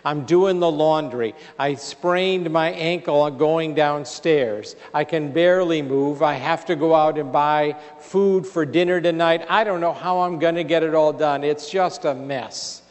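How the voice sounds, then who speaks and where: A man's voice: fairly high pitch, measured pace, few pauses, close to an everyday voice. A man voicing a young, stressed mother on the phone in a sermon story, in his own voice. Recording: reverberant church hall.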